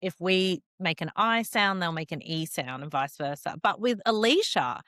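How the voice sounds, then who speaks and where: A woman with an Australian accent, co-hosting a podcast in animated, casual chat. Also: on the low side, dry recording, studio quality. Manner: animated, chatty, quick to laugh. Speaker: podcast co-host.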